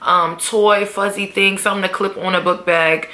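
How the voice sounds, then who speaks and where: Young woman doing a tv recap, bright lively voice, lots of slang and cussing, echoey room. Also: mid-range voice, moderate pace. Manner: animated, swearing, slangy, talks back to characters. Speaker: vlogger reviewing a TV episode. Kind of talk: casual recap with acted quotes.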